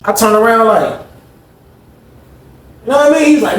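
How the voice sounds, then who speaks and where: A man's voice: high voice, sing-song, fast, pauses often, slight background noise. A man telling a casual story in slangy speech, talking to listeners as y'all. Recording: echoey room with faint ambience.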